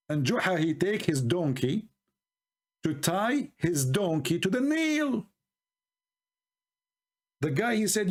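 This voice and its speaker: A man from the Middle East with a high voice for a man, hosting a heated debate. He mocks his opponent, jumps into folk stories and speaks animated, broken English. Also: takes it slowly, long pauses. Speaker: debate host. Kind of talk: argumentative debate talk.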